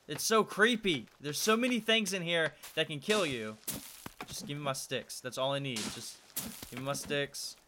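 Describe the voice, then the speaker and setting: A man's voice: fairly high pitch, moderate pace, noisy background. A young man hosting a let's-play video, nervously talking to himself as he plays. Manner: nervous, talks to himself while playing. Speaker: gaming video host.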